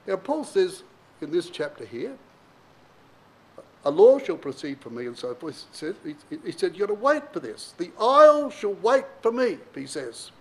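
Man, sermon, high-pitched, animated, emphatic, addresses brothers and sisters. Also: moderate pace, rough recording. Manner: reads King James verses then explains them plainly to the congregation; emphatic, varies pitch and pace widely for emphasis. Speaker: Bible teacher. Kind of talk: sermon with scripture reading.

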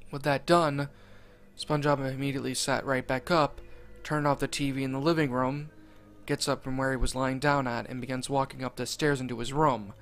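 A man's voice: medium pitch, level tone, a bit bright. Man narrating a horror story. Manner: deliberate, dwelling on grisly details. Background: faint music.

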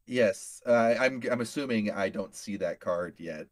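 A man's voice: lowish voice, measured pace, dry recording. A man playing a tabletop role-playing game, talking hesitantly with many fillers. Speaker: player. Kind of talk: casual tabletop role-play.

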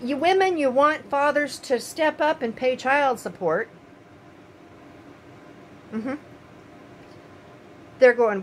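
Older woman, grandmother type, fairly high voice, heartfelt vlog rant with faint hiss behind. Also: animated, slow, pauses often, fairly bright tone, rough recording. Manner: impassioned, pleading, repeats phrases. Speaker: vlogger. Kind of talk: emotional opinion monologue to camera.

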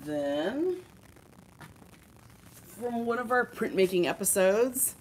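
A woman's voice: mid-range voice, expressive, slow, a little hiss or hum. A woman hosting a live art supply show, chatting and showing off products with enthusiasm while joking with her co-hosts. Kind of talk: casual live-stream product showcase.

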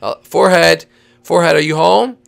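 A woman hosting a game role-play, leading her friends in an excitable, bossy way with sudden shouts. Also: on the low side, fairly quick, vocal fry. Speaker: host.

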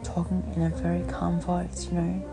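Low-voiced woman ranting over the phone. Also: monotone, moderate pace, gravelly. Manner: rambling, blunt, swears freely. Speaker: podcast host. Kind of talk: casual phone chat.

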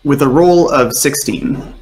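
A man narrating as game master of a tabletop game, relaxed and rambling with plenty of fillers. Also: medium pitch, unhurried, echoey room, slight background noise, poor audio.

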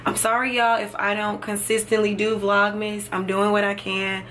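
A woman's voice: medium pitch, level tone, normal speed, fairly bright tone, a little hiss or hum. A young woman chatting casually to her viewers in a vlog, calling them y'all. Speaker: vlogger.

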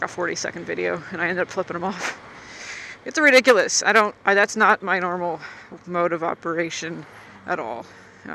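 A woman's voice: fairly low pitch, bright, forceful tone, slight background noise, rough recording. A woman motovlogger chatting and grumbling in a rambling, unscripted way outdoors at a gas station.

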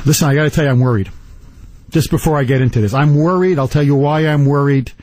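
A man hosting a talk radio show, telling a story with mock outrage and lots of animated emphasis. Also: on the high side, brisk, dry recording, rough recording.

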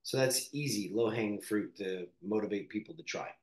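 A man from Canada, an actor, speaking candidly in an interview in a reflective, halting way with many fillers and restarts. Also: on the low side, reverberant.

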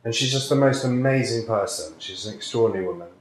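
In an interview recorded in an echoey room with faint background noise, a psychic healer shares a personal story. He speaks quickly in a lowish voice, earnest and reflective, acting out the voices of people he quotes.

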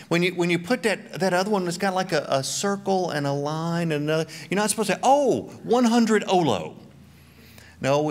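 A middle-aged man giving a church Bible teaching talk, full of joking, self-mocking asides. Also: a little high.

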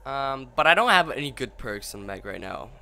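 A man's voice: medium pitch, sing-song, moderate pace, vocal fry, bright, forceful tone. A young man giving gaming commentary while he plays, swearing a lot and ranting in frustration. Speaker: gameplay video creator.

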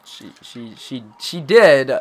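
A man's voice: medium pitch, expressive, slow pace. A young man co-hosting a casual gaming video, chiming in, correcting details and laughing along. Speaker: co-host.

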